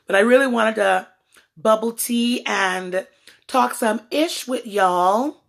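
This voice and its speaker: A woman's voice: mid-range voice, unhurried, gravelly. A woman vlogger chatting playfully to her viewers on a live stream from a phone at home. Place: at home indoors. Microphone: phone propped up on a table.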